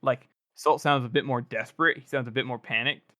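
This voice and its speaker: A man's voice: medium pitch, steady tone, fairly quick, bright, forceful tone, dry recording, clean studio sound. A male podcast co-host rambling casually as he recaps a book, with plenty of fillers.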